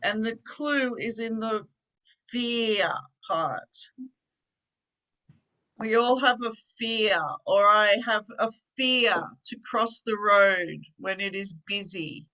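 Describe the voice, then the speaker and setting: A woman's voice: mid-range voice, slow pace, pushed and bright, rough recording. A woman teaching an online English class, patiently explaining words with simple examples.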